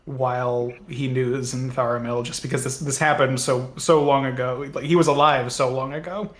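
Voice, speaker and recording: A man's voice: medium pitch, steady tone, moderate pace, fairly bright tone. A man, a player in a tabletop game, thinking aloud and reasoning about the story with restarts. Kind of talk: casual tabletop discussion.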